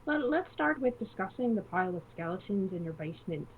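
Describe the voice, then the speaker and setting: A woman's voice: medium pitch, very animated, fairly quick, a little hiss or hum. A woman questioning a captive in character during a tabletop game, in a blunt, curt way. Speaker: player. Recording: tinny phone-like line.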